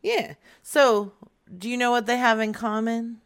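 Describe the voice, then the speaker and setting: A woman's voice: on the high side, unhurried, clean tone. Brash teasing woman prank caller. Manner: teasing, brash, laughing often. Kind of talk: prank phone call.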